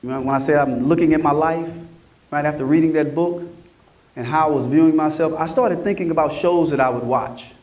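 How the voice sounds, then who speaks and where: A middle-aged man from Mississippi gives an animated motivational talk and keeps checking in with his audience. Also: fairly high pitch, a little fast, far from the mic. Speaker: conference speaker. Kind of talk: motivational storytelling speech.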